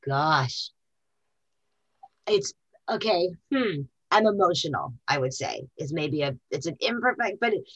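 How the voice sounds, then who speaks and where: A woman's voice: mid-range voice, fairly bright tone, lo-fi sound. A middle-aged woman speaking candidly as an interview guest, emotional and full of fillers and restarts.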